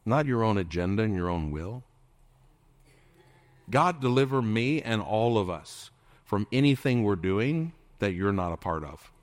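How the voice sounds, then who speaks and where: A man's voice: fairly low pitch, expressive, a little slow, no room sound. A man preaching as a pastor, firing questions at the congregation and slipping into playful impressions. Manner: preachy, asks the crowd many questions, jokes and mimics. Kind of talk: sermon.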